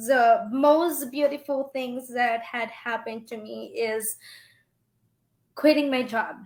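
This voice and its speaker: A young woman in her twenties, a guest speaking tearfully and haltingly with many fillers about her struggles. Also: high-pitched. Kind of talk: emotional interview. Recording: echoey room.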